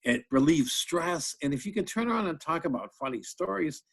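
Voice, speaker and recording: A man's voice: fairly high pitch, lively intonation, brisk, vocal fry, fairly bright tone, slightly rough. A middle-aged man, a comedian, chatting casually in an interview, telling funny stories and laughing often, repeating words as he goes. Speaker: comedian guest.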